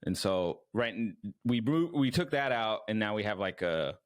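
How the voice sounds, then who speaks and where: A man's voice: on the low side, animated, moderate pace. A man co-hosting a podcast in casual chat, loose and agreeable, with many "yeah, no" and "like" fillers. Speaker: podcast co-host.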